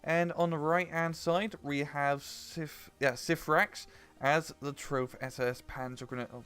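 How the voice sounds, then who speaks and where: Smooth, brightly pitched male game caster. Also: fairly even intonation, measured pace. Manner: chatty, upbeat co-commentator. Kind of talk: game replay commentary.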